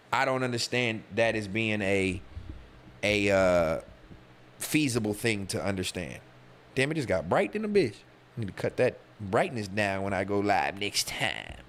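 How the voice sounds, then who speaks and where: His mid-range voice swings widely in pitch at a normal speed, with slight background noise, as this young host streams his podcast live. He keeps it loose, slangy and profane, reading chat and talking right to them.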